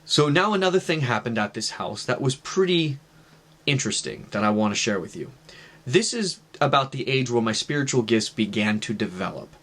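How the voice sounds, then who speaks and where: A man's voice: medium pitch, animated, brisk, fairly bright tone. A man earnestly recounting a personal story, conversational and direct, acting out the voices in his quotes. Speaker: testimony vlogger.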